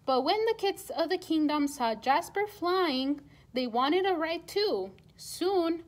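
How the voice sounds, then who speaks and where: A children's librarian reading a picture book aloud at storytime, in an expressive, animated way. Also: female voice, high voice.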